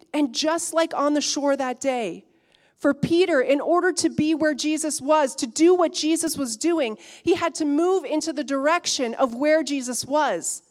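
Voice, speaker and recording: A woman preaching a sermon with a slightly high voice. She talks earnestly, building to emphatic peaks and then easing down soft again.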